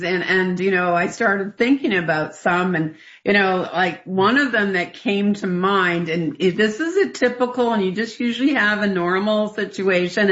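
A woman, a radio co-host telling a story in a rambling, animated way and laughing often. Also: fairly low pitch. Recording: dull lo-fi radio broadcast.

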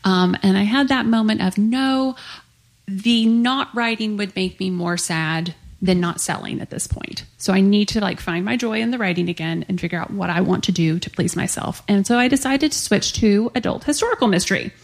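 Woman author chatting onstage, lots of likes and ums, gravelly fry in her voice. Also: medium pitch, moderate pace. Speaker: author being interviewed. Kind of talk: conversational interview. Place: onstage at a live author event.

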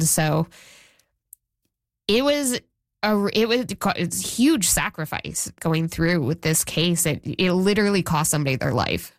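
A woman's voice: lowish voice, lively intonation, moderate pace, no room sound, clean studio sound. A woman journalist being interviewed, talking casually with frequent restarts and quoted speech. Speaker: journalist guest. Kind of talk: interview conversation.

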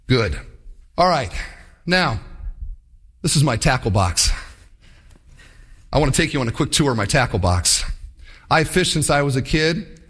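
Animated male preacher. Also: mid-range voice. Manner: animated storytelling, acting out voices. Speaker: pastor. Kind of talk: sermon.

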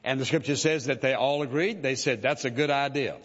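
A man's voice: medium pitch, a little fast, fairly bright tone. A man preaching a sermon in a conversational way, with many "uh" fillers and "listen" asides. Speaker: pastor. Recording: reverberant hall, dull lo-fi sound.

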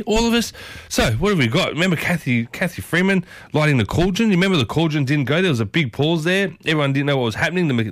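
A man's voice: medium pitch, fairly bright tone, dry recording, studio quality. A man with an Australian accent hosting a morning community radio show, chatting enthusiastically and rambling through his memories. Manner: enthusiastic, rambling, reminiscing with lots of asides. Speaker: breakfast radio host. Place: radio studio.

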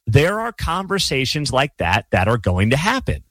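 A man's voice: mid-range voice, huge pitch swings, moderate pace, a bit bright, no echo. A man hosting his own sports commentary show, ranting emphatically with a sarcastic edge. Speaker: sports talk host. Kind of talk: opinionated solo commentary.

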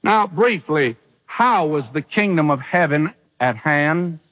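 A man preaches with emphatic, dramatic delivery in a high, bright voice. His pitch swings widely from phrase to phrase as he acts out the quotes. The sound carries the thin quality of an old radio broadcast. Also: animated, slow pace, rough recording. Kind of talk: sermon.

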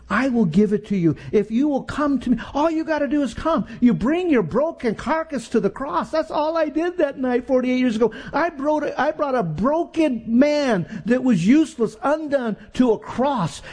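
A man in his sixties preaching a sermon, telling personal stories that swing from loud and high to low and hushed. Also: slightly rough.

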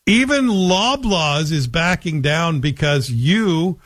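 A man's voice: fairly high pitch, lively intonation, slow, a bit bright, dry recording. Fired-up canadian radio host guy, sarcastic, punchy, dry studio sound. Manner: combative, sarcastic, emphatic. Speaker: radio talk show host. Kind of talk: opinionated talk radio monologue. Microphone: studio microphone.

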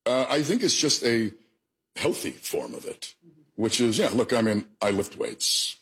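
A man answering an interview question in a measured, plain-spoken way. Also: medium pitch, animated, a bit bright, breathy edge. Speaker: interview guest.

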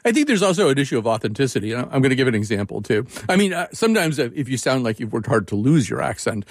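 An older man hosting a radio interview, talking in a conversational, animated way with frequent restarts. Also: medium pitch, fast, no echo, studio quality. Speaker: radio show host.

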